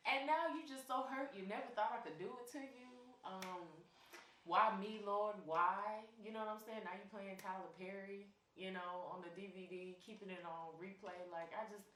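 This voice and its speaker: A woman's voice: mid-range voice, fairly quick, few pauses, fairly bright tone. A woman from Florida with a slight Southern accent, co-hosting a podcast in a blunt, crude, joking way. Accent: Florida Panhandle Southern. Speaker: podcast co-host. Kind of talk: casual podcast chat. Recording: echoey room, far from mic, faint hiss.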